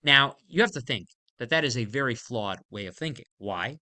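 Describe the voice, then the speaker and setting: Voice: mid-range voice, animated, normal speed, bright, forceful tone. A Torah teacher giving an emphatic, explanatory lesson on a verse, with casual fillers along the way.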